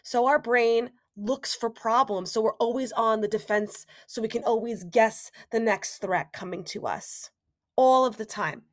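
A woman's voice: fairly high pitch, unhurried. A young adult woman hosting a solo podcast, talking casually and animatedly, acting out inner voices and quoted remarks. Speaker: podcast host.

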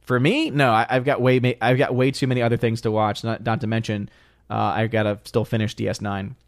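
A man's voice: mid-range voice, flat delivery, a little fast, no room sound, studio quality. Chatty man hosting a live stream. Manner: chatty, thinks aloud with restarts and small laughs. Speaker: live stream host reading chat. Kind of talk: casual live stream chat.

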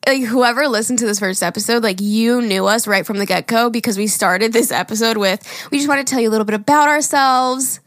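A woman's voice: fairly high pitch, brisk, a bit bright, dry recording, studio quality. A woman in her twenties co-hosting a podcast in casual chat, laughing and filling her talk with "like". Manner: laughing, filler-heavy chatter. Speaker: podcast co-host.

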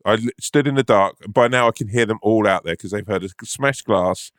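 A man's voice: fairly low pitch, a little fast, dry recording, clean studio sound. A man co-hosting a podcast, telling a sweary, laughing anecdote in casual chat. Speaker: podcast co-host. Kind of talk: casual storytelling.

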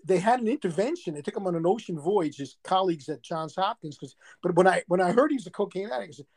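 A man's voice: high voice, lively intonation, fast talker, a little mellow, breathy edge. A man in his sixties from Brooklyn with a New York accent, a surgeon guest telling stories in a casual interview. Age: 60s.

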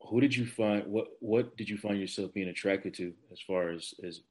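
An interview host asking gentle, probing questions. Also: deep voice, moderate pace, rough recording. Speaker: podcast host.

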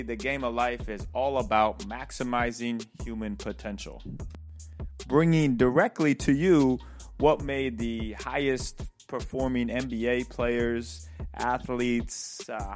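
A man hosting a podcast, giving an upbeat, hyped-up introduction. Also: mid-range voice. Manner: upbeat, hyped, jokes with put-on accents. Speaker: podcast host and life coach.

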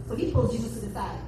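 A woman preaching a sermon at a church women's event, lively and humorous, with playful asides. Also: a little high. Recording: echoey room from far off, noisy.

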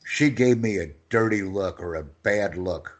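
A man teaching English phrases in a lesson, reading each phrase slowly and with emphasis for his student to repeat. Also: lowish voice. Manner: slow and emphatic, phrases stressed one by one.

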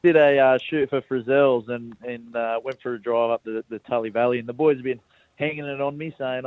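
A relaxed young man with an Australian accent talks down a phone line as a radio guest. His voice sits mid-pitch and sounds dry and close. He rambles easily, with plenty of fillers and a self-deprecating ease. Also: brisk, dry recording. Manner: laid-back, self-deprecating, many fillers. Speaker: rugby league player guest. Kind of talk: casual radio interview.

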